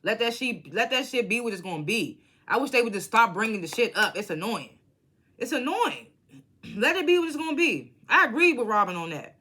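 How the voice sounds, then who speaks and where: Woman, casual recap vlogger, bright, blunt and profane, animated storyteller. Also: a little high, brisk.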